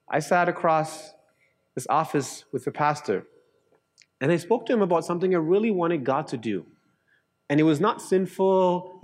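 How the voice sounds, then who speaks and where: A middle-aged man from Canada preaches a sermon in a slightly higher voice than most men. He tells his stories with rising, lively energy. Then he drops low and quiet to drive a point home. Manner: earnest preaching that swings between lively raised storytelling and quiet, low emphasis. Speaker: pastor.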